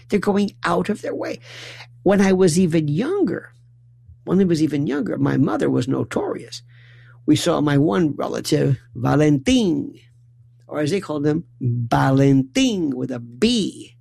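A man from New York tells a comic story in a mellow, gravelly voice with a husky edge. His pitch leaps around as he acts out his relatives, and he stumbles over restarts as he goes. The sound is dry and close. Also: dry recording. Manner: animated, acts out family voices, stammering restarts.

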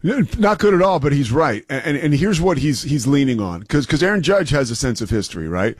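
A man's voice: mid-range voice, sing-song, brisk, breathy edge, no echo. Forties male sports co-host, emphatic, dry close mic. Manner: emphatic, repeats words when pressing a point. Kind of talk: opinionated sports talk.

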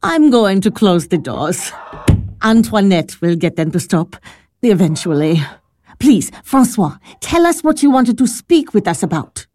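A gentle noble mother. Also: mid-range voice, very animated, measured pace. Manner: gentle and affectionate. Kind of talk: radio drama acting.

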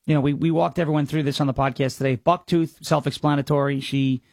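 A man from the United States hosts a political commentary podcast in a mocking, sarcastic ramble. His voice sits high with a gravelly fry, and the sound is close and dry. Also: steady tone, fast talker, a little mellow, no echo. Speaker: host.

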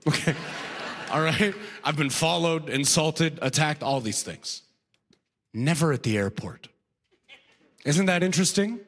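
A man's voice: fairly high pitch, animated, measured pace, pauses often, fairly bright tone, slight background noise. Stand-up comic, man, hall reverb. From Alberta, Canada. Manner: conversational, frequent "right?" asides, drawled impressions. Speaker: stand-up comedian. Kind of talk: stand-up comedy set. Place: comedy festival stage before a live audience.

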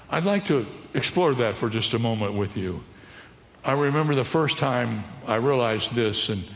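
In a big, echoing hall with long reverb, a male pastor delivers a steady sermon at medium pitch. He teaches as he goes and keeps putting questions to the congregation.

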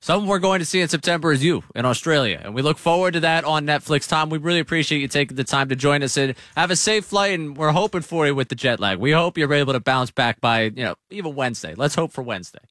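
A man hosting a sports radio show, leading the segments with quick, joking banter. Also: a little high, expressive, fairly bright tone, dry recording, clean studio sound.

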